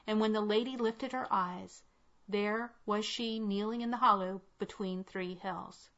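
A woman narrating a classic tale in a measured, unhurried reading. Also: medium pitch, steady tone, fairly bright tone. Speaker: audiobook reader. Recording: dull lo-fi recording.

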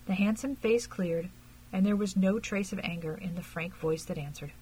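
Husky woman narrating an audiobook. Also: mid-range voice, normal speed, mellow, poor audio.

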